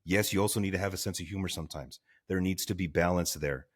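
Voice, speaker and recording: Deep-voiced man telling a lively story. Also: quick pace. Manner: animated, laughing, acts out quotes. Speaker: guest, firefighter. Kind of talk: casual storytelling in a podcast interview.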